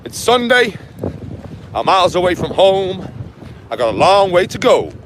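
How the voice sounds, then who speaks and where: A man in his forties vlogs outdoors on a windy seafront, his mic picking up heavy wind noise. Speaking at normal speed in a high, sing-song voice, he goofs around in daft put-on accents.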